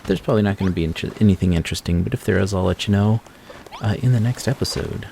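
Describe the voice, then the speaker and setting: A tired American man giving relaxed, rambling commentary over his gameplay as the host of a gaming channel. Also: lowish voice, fast talker, gravelly, a little hiss or hum. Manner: relaxed, rambling, self-correcting. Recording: loud game sound effects behind voice.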